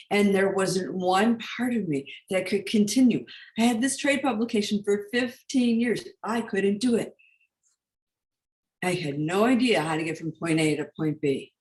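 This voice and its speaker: A woman's voice: mid-range voice, reverberant. A woman hosting an online talk, telling her own story in an emphatic, heartfelt way. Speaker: host. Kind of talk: spiritual coaching talk.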